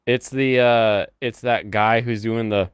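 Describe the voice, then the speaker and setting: A man's voice: medium pitch, steady tone, measured pace, clear, resonant tone, no room sound, studio quality. A man hosting a stream, chatting casually and hesitantly with many fillers. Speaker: streamer host. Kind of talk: casual chat.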